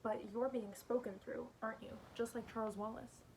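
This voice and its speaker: A woman reading aloud as a steady, athletic teenage boy, speaking low, firm and wry. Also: normal speed, slight background noise, close to an everyday voice.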